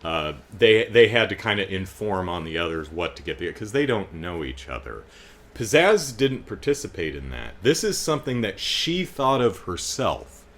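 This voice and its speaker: A middle-aged man with a notably deep voice talks through his thoughts in a loose, casual way. He pauses often on fillers and restarts his sentences, dropping in wry, amused asides as he goes. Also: sing-song, a bit bright. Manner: chatty, with frequent fillers and restarts. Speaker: host reading and discussing comics. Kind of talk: casual spoken commentary.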